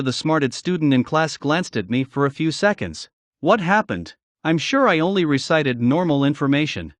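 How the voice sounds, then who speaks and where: Man reading a fantasy novel aloud, slightly high voice, very dry recording. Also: dry recording. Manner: steady reading with occasional slips. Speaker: audiobook narrator. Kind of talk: first-person novel narration.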